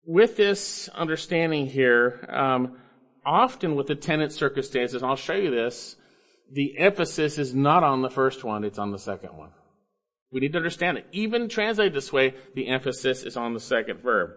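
A man preaching an expository sermon, emphatic, coaxing listeners along with rhetorical questions and swinging between loud stresses and low asides. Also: lively intonation, moderate pace. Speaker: preacher teaching Bible grammar.

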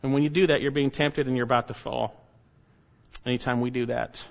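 A man's voice: medium pitch, fairly even intonation, brisk, vocal fry. A male pastor preaching an expository sermon, stressing key words with sudden rises. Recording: dull lo-fi recording.

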